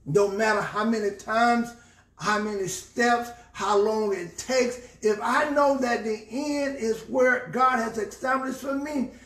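A man's voice: very high-pitched, unhurried, fairly bright tone, echoey room, far from the mic. A man with a Southern US accent, a pastor teaching a Bible study and preaching, repeating phrases for emphasis. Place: church.

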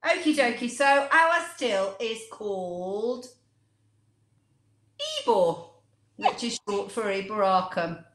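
A woman's voice: mid-range voice, animated. Playful woman in an echoey room. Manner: playful, quick to laugh. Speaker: co-host. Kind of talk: casual chat.

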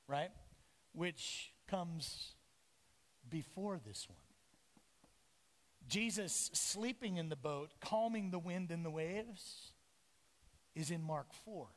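A man delivers an animated sermon from a church pulpit, jumping into the voices of the people in his story. His voice sits high for a man. The sound carries a long reverb from the church sanctuary. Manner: animated, acts out voices of the disciples and Jesus. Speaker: pastor. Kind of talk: lively sermon. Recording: echoey church hall.

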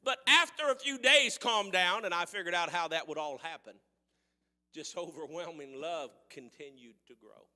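A man with a Missouri accent preaches in a high, very bright voice, talking in folksy country speech. He moves between hushed storytelling and loud, shouted preaching. His voice rings with the long reverb of a church sanctuary. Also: moderate pace. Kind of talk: sermon.

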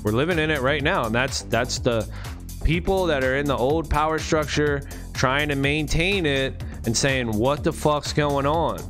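A man rants in a casual vlog monologue, swearing heavily and using street slang. His voice sits somewhat high and he leans hard on his words. Faint music plays in the background. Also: moderate pace, fairly bright tone. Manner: profane, emphatic, street slang. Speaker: vlogger.

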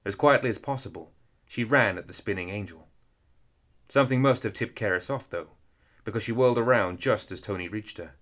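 Low voiced guy reading an action story, steady measured pace. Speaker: audiobook reader. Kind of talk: scripted narration.

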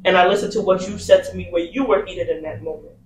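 A man with a high-pitched voice on a casual podcast, quietly reflecting and admitting his faults. He sits a little back from the mic in an echoey room. Faint ambience hums behind him. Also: fairly even intonation, fast, distant mic, slight background noise.

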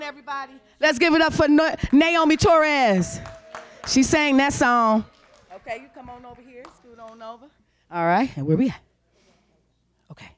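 A woman hosts a youth talent show, her voice sitting high. She is animated and cheering, calling names out loud as she waves each child up to collect an award. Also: clean tone, dry recording. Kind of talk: lively emcee handing out awards. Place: congregation hall.

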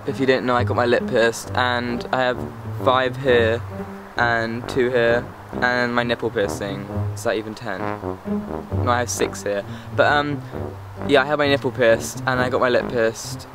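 A teenage boy from England, chatting to camera outdoors in a sarcastic, rambling, easily distracted way. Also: medium pitch. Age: teens. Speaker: vlogger. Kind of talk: casual chat to camera.

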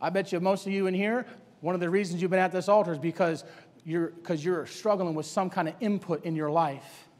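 High-voiced confrontational male preacher. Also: fairly even intonation, fairly quick, a little mellow, long reverb tail. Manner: confrontational, rhetorical questions to the congregation. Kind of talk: sermon. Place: church sanctuary.

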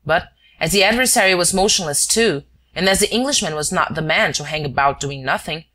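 Casting: woman, low-pitched audiobook narrator, steady and measured. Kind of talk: scripted narration.

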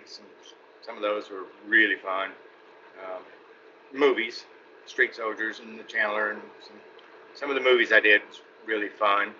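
Chatty Texan man, very bright tone. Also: medium pitch. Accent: Texan Southern. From East Texas. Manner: chatty, rambling, laughs between anecdotes. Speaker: guest actor. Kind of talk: casual interview storytelling. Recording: muffled podcast audio with faint hiss.

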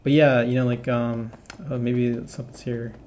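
A man's voice: mid-range voice, flat delivery, normal speed, darkish tone, a little hiss or hum. A man giving casual, rambling let's-play commentary as a gaming channel host, chatting and laughing at his own jokes. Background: game music.

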